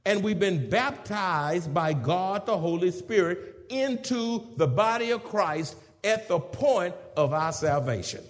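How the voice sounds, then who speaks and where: A man preaching from the pulpit, his high voice leaping up and down as he moves from shouted praise to rapid teaching asides. The sound rings with a long echo through a large church hall. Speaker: pastor. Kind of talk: sermon.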